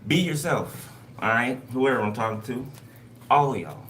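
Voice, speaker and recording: A man's voice: mid-range voice, lively intonation, normal speed. A man giving a casual spoken tarot reading, loose and conversational, who keeps checking in with his listeners. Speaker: tarot card reader. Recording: noisy recording.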